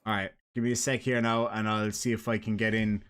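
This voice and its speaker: A man's voice: lowish voice, level tone, fairly quick, a bit bright, clean tone. Chatty Irish man hosting a live stream. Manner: chatty, teasing, joking with guest and chat. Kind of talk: casual live-stream chat.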